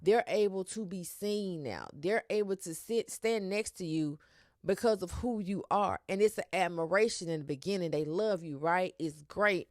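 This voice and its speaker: A woman hosting her own podcast, talking in a sassy, animated way with slang and cursing. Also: on the low side, normal speed, no room sound, clean studio sound. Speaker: podcast host. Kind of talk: casual solo podcast talk.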